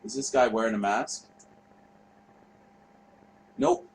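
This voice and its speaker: A man's voice: mid-range voice, slow pace, poor audio. A man in the middle of his range talks loosely over footage as a show's host. He wanders, trails off and swears freely, with a faint hum of noise behind him. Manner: rambling, profane, offhand. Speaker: show host. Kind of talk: casual commentary over footage.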